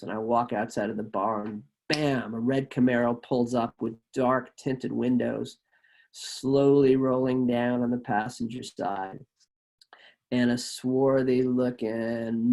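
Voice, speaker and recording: A man telling a personal story at a live show, animated and acting out the people he quotes. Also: medium pitch, moderate pace, vocal fry.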